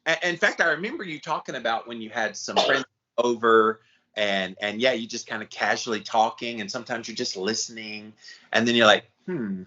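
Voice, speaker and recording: A man co-hosting a casual podcast, chatty and supportive, tossing in quick asides. His voice is bright and forceful at a middle pitch. The recording has a dull lo-fi quality. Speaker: podcast co-host.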